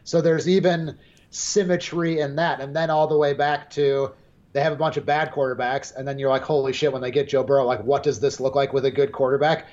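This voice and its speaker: A man's voice: medium pitch, level tone, a little fast, a little mellow. A young man co-hosting a sports podcast, giving confident, blunt predictions and swearing casually. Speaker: podcast co-host. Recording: dull lo-fi sound.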